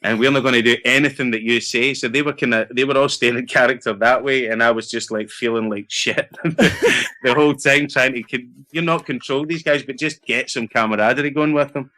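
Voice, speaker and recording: A middle-aged Scottish actor telling lively anecdotes in a casual interview, laughing and acting out what others said. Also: male voice, mid-range voice, a little fast. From Scotland. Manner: animated anecdotes with laughter and acted-out quotes. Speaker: actor guest.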